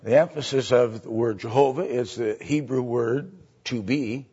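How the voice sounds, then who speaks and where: A man teaching a Bible study lecture, halting with fillers and often checking in with "right?" and "okay?". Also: mid-range voice, dark tone, breathy edge. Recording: dull lo-fi recording.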